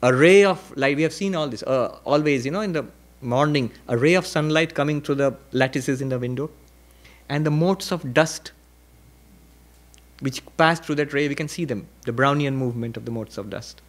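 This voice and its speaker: A man, a monk, giving a reflective spiritual lecture at a retreat, repeating key phrases and posing questions. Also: moderate pace. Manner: reflective teaching with repetition and rhetorical questions; varies pitch and pace for emphasis.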